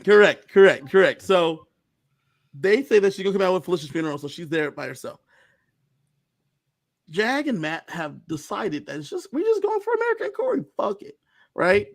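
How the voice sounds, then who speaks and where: A man with a fairly high voice tells the story in lively, casual podcast chat. He jumps into the quotes of the people he describes. The sound is dry and close, with no room around it. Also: moderate pace, vocal fry, pauses often, no room sound. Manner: animated storytelling, acts out other people's quotes. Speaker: podcast co-host. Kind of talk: casual fan recap chat.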